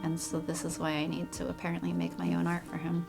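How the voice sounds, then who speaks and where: Low creaky-voiced woman ranting casually about a game, swears a lot, music playing under. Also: completely flat delivery, quick pace. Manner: rambling, swears, laughs, drops to a whisper. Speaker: streamer, co-host. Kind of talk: casual let's-play chat.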